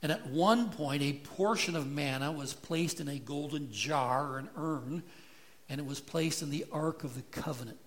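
A man's voice: on the high side, moderate pace, fairly bright tone. A man preaching an expository sermon, earnest and building in intensity as he explains scripture. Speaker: pastor.

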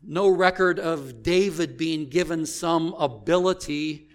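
A man preaching a sermon as pastor, slow and deliberate, asking the congregation rhetorical questions. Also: on the high side.

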